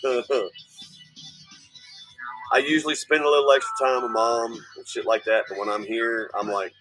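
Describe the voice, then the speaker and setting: A man hosting a late-night livestream, chatting in a relaxed, profane, joking way. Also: mid-range voice, unhurried, over music. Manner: profane, laid-back banter. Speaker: livestream host.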